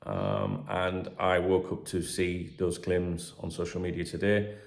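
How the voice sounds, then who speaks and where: A middle-aged man with a low, gravelly voice hosts a casual football gossip show. He reads out transfer headlines, then wanders into cheeky asides and swearing. His voice bounces around a roomy, echoey room. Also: sing-song, measured pace. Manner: chatty and cheeky, swears and jokes between reading headlines. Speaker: football channel host.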